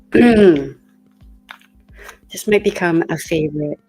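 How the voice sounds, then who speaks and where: Woman vlogger, slow and low-voiced, getting over a cold and coughing now and then, chatting with faint music underneath. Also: creaky, a little mellow, husky. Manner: chatty, thinking aloud, with fillers. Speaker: beauty vlogger. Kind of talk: casual makeup chat.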